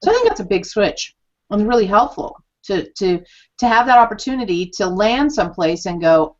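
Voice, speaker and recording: A woman's voice: medium pitch, normal speed. A woman hosting a casual live chat, talking expressively and acting out quoted reactions with frequent laughter. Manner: animated, acts out quoted reactions, laughs often. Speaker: channeler and host. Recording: dull lo-fi sound.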